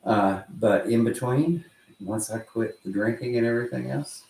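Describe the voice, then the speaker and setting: A man's voice: mid-range voice, normal speed, creaky, dark tone, a little hiss or hum. A man with a West Texas accent telling stories in a casual, rambling way, swearing freely and chuckling as he goes. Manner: profane, chuckling storyteller. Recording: roomy echo.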